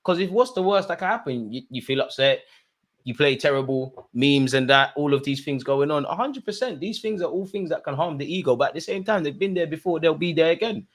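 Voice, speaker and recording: A man's voice: on the high side, fairly quick. A young man chatting on a live football stream, reading out super chats in a rambling, slangy way. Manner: animated, slangy, rambling with fillers. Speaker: football watch-along streamer.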